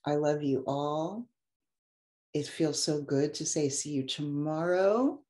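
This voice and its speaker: Heartfelt low-voiced woman coach, echoey room. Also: takes it slowly, dark tone. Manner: effusive and heartfelt, gets emotional. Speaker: life coach. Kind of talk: motivational talk to an online audience.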